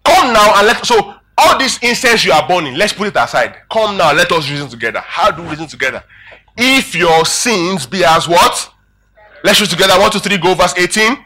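Male preacher, emphatic sermon delivery, bright and forceful, husky edge. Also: high-pitched, fairly quick. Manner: calls out questions to the congregation; emphatic, animated preaching with rising and falling volume.

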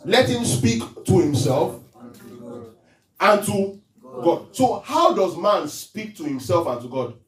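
Animated high-voiced preacher in an echoey hall. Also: male voice. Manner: call-and-response questions to the congregation; reads scripture aloud slowly. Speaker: pastor. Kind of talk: interactive sermon teaching. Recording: echoey room, voice from a distance.

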